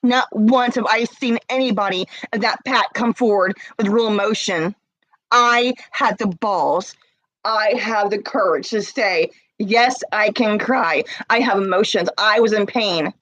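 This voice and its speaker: A woman's voice: mid-range voice, a little slow, fairly bright tone, no echo, rough recording. A woman crying as she talks to camera, confronting someone with repeated pointed questions in an emotional rant. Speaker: vlogger.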